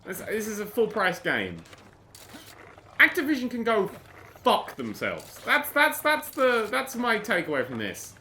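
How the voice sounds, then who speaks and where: Brit guy ranting at a game, swears a lot, bright voice, pitch jumps all over. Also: wildly swooping pitch, unhurried, a little hiss or hum. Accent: British. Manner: sarcastic, exasperated, ranting. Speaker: gaming YouTuber.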